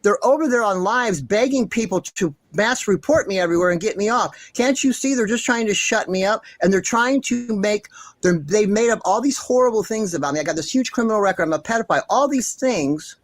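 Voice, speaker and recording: A man's voice: sits high, animated, brisk, no echo. A man hosting a commentary vlog, ranting passionately and indignantly, swearing often and insisting on the same points over and over. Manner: repeats himself insistently. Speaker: commentary channel host.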